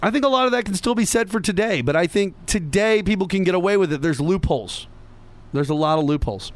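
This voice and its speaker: A man's voice: high voice, lively intonation, quick pace. A man hosting a podcast, delivering an opinionated political monologue with sarcasm and mocking asides. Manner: sarcastic, mocking impressions of others. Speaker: podcast host.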